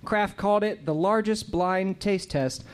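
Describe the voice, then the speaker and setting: A man's voice: high-pitched, measured pace. A man hosting a comedy quiz show, reading questions and joking with the players. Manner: playful, joking, reads questions aloud.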